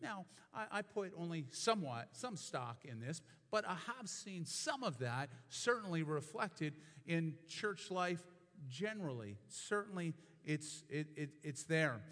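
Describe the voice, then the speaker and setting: A high-pitched male pastor delivers a sermon, his voice carrying a long reverb tail through a church sanctuary. He explains patiently, then presses his points home with emphatic repetition. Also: very animated, unhurried, a bit bright.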